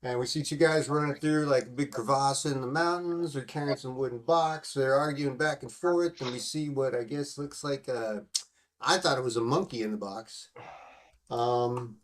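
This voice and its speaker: A man's voice: mid-range voice, moderate pace. A man hosting a podcast, recapping a film in a rambling, casual way, swearing freely and using many fillers. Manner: rambling and profane, full of fillers. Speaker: podcast host.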